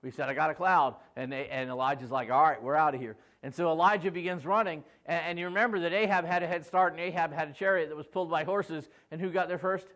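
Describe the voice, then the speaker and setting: Male pastor with a high voice, casual storyteller who acts out the quotes and jokes with the church. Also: fairly even intonation, fast, few pauses, a bit bright. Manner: jokey, acts out quoted voices with asides to the congregation.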